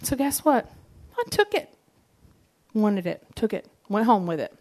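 In a church message, a woman shares personal anecdotes with humor, speaking directly to the listeners in a conversational manner. Her mid-range voice is very animated, and her pace is measured.

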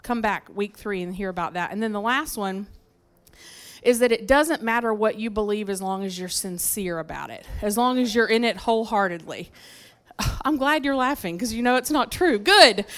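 A woman preaching a conversational sermon in church, telling stories from her life with lively asides to the congregation. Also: mid-range voice, normal speed. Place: church sanctuary.

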